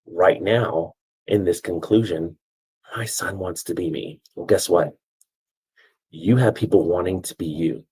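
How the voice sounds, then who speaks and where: A man with a low, very husky voice teaches video storytelling. He talks casually, tells a family story and keeps checking that his listeners are following. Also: a little mellow, rough recording. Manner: conversational, checks in with "okay?". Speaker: video coach.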